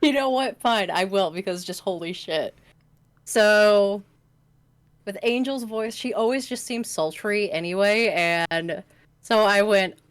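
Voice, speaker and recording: A woman's voice: medium pitch, measured pace. A woman co-hosting a stream who voices characters, explaining her process plainly in casual chat. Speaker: streamer co-host, voice actor.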